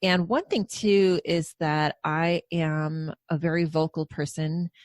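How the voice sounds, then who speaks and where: A woman hypnosis practitioner explaining her work in a calm, steady way as a podcast guest. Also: sits low, slow, dry recording. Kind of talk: podcast interview.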